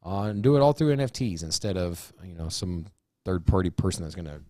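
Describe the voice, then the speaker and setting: A man with a low voice talks loosely through his ideas, circling back with restarts and filler. The recording is dry and close. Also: expressive, brisk, darkish tone, no echo. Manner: rambling, with lots of restarts and "you know"s. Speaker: co-host. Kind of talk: casual chat.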